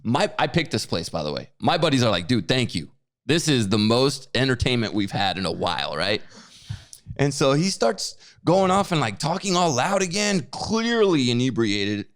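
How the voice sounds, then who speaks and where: Speaking at a normal speed in a mid-range voice, the man co-hosts a podcast and recounts a story conversationally. He's lively, acting out others' remarks and often saying words twice.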